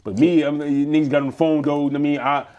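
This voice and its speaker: A man's voice: on the high side, fast talker. A man from the Bronx with a New York accent, telling his story in a rambling, casual way and acting out what others said. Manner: rambling, full of fillers and restarts; acts out others' lines in animated voices. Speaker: interview guest, former inmate.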